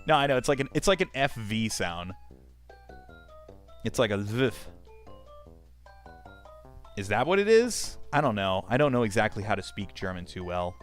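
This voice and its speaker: A man's voice: fairly low pitch, very animated, normal speed, long pauses, faint music behind. A man streaming a game, chatting casually and swearing often as he reads chat aloud and rambles. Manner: profane, rambling, talks to chat.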